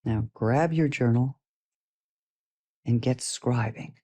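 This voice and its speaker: A middle-aged woman teaching a personal development course, talking in a playful, animated way and laughing often. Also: a bass voice, takes it slowly. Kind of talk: casual spoken lesson to listeners.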